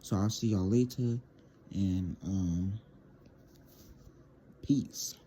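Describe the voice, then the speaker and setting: This low, warm voice belongs to a teenage vlogger who draws out his words. He rambles through a casual storytime monologue for his viewers, stumbling and saying words twice.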